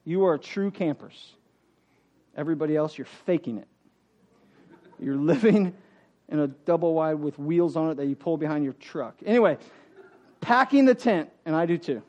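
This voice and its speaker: A man's voice: fairly high pitch, animated, normal speed, pauses often, darkish tone, muffled recording. A man preaching a sermon in church, emphatic and humorous as he addresses the congregation. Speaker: pastor. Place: church sanctuary.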